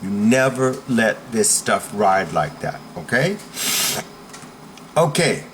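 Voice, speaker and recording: A man's voice: lowish voice, sing-song, takes it slowly, slight background noise. A man coaching viewers in a blunt, emphatic talk, often checking in with "okay?". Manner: forceful, blunt instruction. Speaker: self-defense coach.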